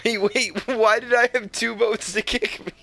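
A young man chatting casually over a headset while playing an online shooter, excitable, swearing and trash-talking. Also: high-pitched, moderate pace, creaky, dry recording. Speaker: gamer. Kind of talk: casual gaming chat.

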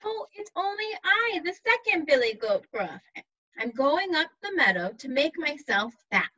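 A middle-sized billy goat pleads politely in a high, bright voice, as a woman reads the part. The recording is muffled. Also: big pitch swings, normal speed, exaggerated voice. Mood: pleading.

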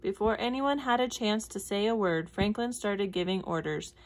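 A woman reading a children's picture book aloud in a clear, measured storytelling voice. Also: medium pitch. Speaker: storybook reader.

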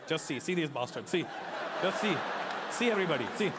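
A comedian putting on an excited Indian man with an Indian English accent. His voice is high and loud, and he repeats himself insistently. The recording comes from a noisy live stage. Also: a little fast, over a noisy crowd, lightly acted. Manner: insistent and repetitive.

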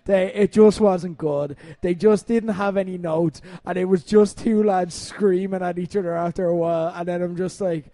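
High-voiced Irish man hosting a podcast. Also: normal speed, few pauses. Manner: animated storyteller, swears freely, laughs often. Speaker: wrestling podcast host. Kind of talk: casual comedic podcast talk.

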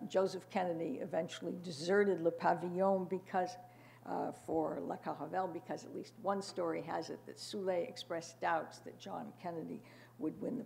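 A woman's voice: on the low side, creaky, warm tone, slight background noise. An older woman giving a prepared panel talk in a wry manner, with frequent fillers and asides. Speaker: panel speaker.

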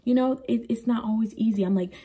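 Husky earnest woman parenting vlogger. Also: on the high side, fast, dark tone. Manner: earnest, rambling, with frequent "you know" asides. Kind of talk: candid personal talk to camera.

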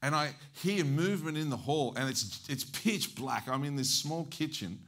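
Animated Australian evangelist storyteller. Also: male voice, on the high side, normal speed. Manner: animated, acts out dialogue. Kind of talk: storytelling sermon.

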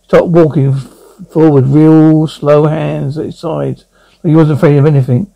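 A man's voice: fairly high pitch, steady tone, normal speed, gravelly, mellow, muffled recording. A man voicing a brooding young blind lawyer at confession, stammering through his memories in an amateur audio drama.

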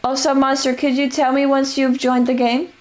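A young woman streaming a survival game, her voice going hoarse as she rambles and narrates her moves with casual swearing. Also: high voice, level tone, moderate pace. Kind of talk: casual live-stream chatter.

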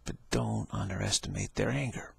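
A man's voice: on the low side, huge pitch swings, normal speed, creaky, breathy edge, dry recording. A man giving a rambling spiritual talk, laughing often and acting out the people he quotes. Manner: laughing, repetitive, acts out quoted voices. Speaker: spiritual teacher.

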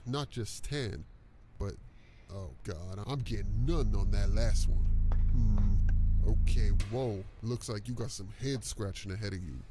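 Hustler psychic for a game, male actor, slow slangy drawl over loud music. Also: on the low side, lightly acted. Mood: casual. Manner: slangy, laid-back hustler talk. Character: hustling streetwise male psychic fortune teller. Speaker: street psychic character.

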